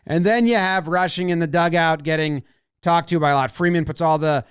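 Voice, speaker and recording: Brief: male baseball analyst, high, bouncy voice, dry close sound, playful play-by-play breakdown. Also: brisk, clear, resonant tone, no room sound. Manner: animated, acts out players' imagined lines.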